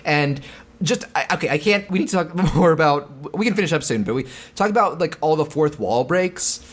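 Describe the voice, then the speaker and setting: A fast-talking man co-hosting a casual podcast, his voice a bit higher than most men's. He races through retellings of scenes and drops in bits of dialogue as he goes. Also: animated. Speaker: podcast co-host.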